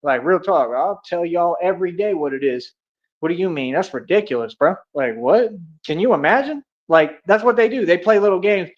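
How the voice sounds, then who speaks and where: A man's voice: sits high, fairly quick, lo-fi sound. A young American man streaming a casual rant. He is boastful and confrontational, and he talks in street slang. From United States.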